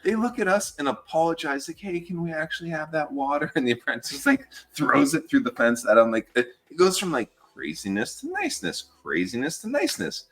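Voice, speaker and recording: A man in his thirties from the United States, a fire patrol worker guesting on a podcast, tells casual stories with animated energy, frequent swearing, and plenty of "dude." His medium-pitched voice moves briskly with hardly any pauses.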